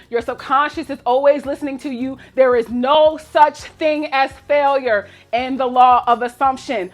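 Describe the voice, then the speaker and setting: High-pitched woman self-help coach, cursing, preachy, loud one moment and muttering the next. Faint music underneath. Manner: profane, emphatic, preachy; swings between loud exclamations and low mutters. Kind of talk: casual motivational monologue.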